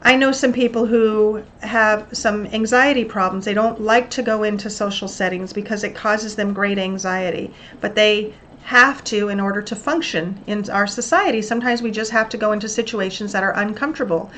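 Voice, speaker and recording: A woman's voice: medium pitch, fairly even intonation, moderate pace, hardly any pauses, a bit bright, a little hiss or hum. A woman hosting a motivational self-help talk, coaching listeners earnestly and acting out little examples. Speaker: host.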